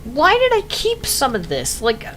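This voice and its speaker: Slow-talking, lively young woman streamer. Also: sits high, slight background noise, low-quality recording. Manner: laughs often, amused and incredulous at her own old build. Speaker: game streamer. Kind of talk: casual gameplay commentary.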